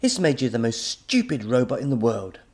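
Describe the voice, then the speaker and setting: A man voicing an excitable, scheming male mad professor who snaps at his helper. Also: mid-range voice, normal speed, pitched above the performer's own voice. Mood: snappish. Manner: snappish, overexcited.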